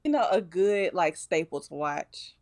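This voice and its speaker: Animated woman retelling a cartoon. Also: lowish voice, unhurried, faint music behind. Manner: animated storyteller, acting out characters' lines. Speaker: podcast co-host. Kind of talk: casual retelling of a cartoon special.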